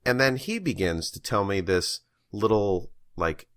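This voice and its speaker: A man co-hosting a podcast, chatting casually and telling a story with animated energy, swearing and laughing along the way. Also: on the low side, a little slow, no echo, clean studio sound. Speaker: podcast co-host. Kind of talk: casual chat.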